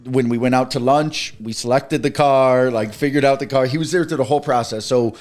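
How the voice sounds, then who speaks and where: A man's voice: mid-range voice, brisk, faint music behind. Casual young man telling stories. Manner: relaxed storytelling with quoted dialogue. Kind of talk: casual chat.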